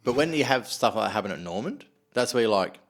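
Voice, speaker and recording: A man's voice: medium pitch, fast talker. A man with an Australian accent hosting a casual podcast, telling stories loosely, swearing and acting out what people said. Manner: sweary, animated storyteller, acts out quotes. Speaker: podcast host.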